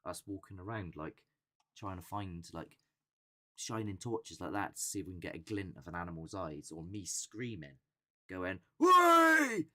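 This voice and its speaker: Low-voiced guy rambling on a live chat, chatty, acts out quotes. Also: normal speed. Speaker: host of a paranormal channel.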